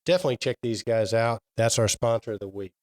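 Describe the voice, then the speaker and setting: A man's voice: medium pitch, fast, poor audio. A man co-hosting a trade podcast in casual chat, telling stories in a rambling way with many fillers. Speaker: podcast co-host.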